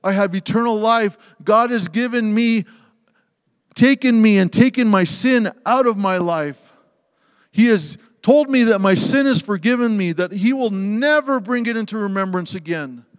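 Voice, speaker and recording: A man preaching a sermon with passion, swinging between loud emphasis and hushed, tender passages. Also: sits high, normal speed, clean tone. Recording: long hall reverb.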